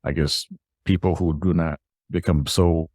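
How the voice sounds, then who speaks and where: A man's voice: deep voice, fairly even intonation, a little slow, darkish tone, dry recording, clean studio sound. A man hosting a podcast, telling a personal story in a rambling way with frequent restarts. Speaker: podcast host.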